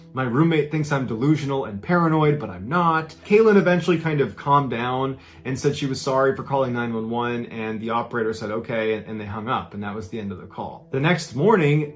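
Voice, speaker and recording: A male storyteller who narrates a true story in a relaxed, conversational tone. His pitch sits in the middle range, and he often adds casual asides as he talks. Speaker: storyteller host.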